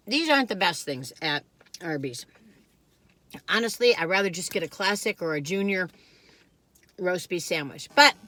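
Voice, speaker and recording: Older woman, folksy rambling food vlogger, bright and dry close sound. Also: medium pitch, no room sound. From Western North Carolina. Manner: rambling, folksy, many fillers and restarts. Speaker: food reviewer. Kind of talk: casual chatty storytelling.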